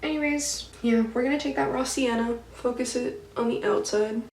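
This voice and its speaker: A woman's voice: on the high side, steady tone, normal speed, a little mellow, echoey room, far from the mic, low-quality recording. A woman doing a casual get-ready-with-me chat while doing her makeup, talking freely and swearing as she reads out and retells dreams. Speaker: beauty vlogger.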